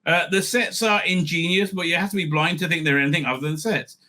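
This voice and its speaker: A man's voice: fairly high pitch, quick pace. A man hosting a review show, giving opinionated commentary full of fillers, restarts and sarcastic asides. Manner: animated, many fillers and restarts.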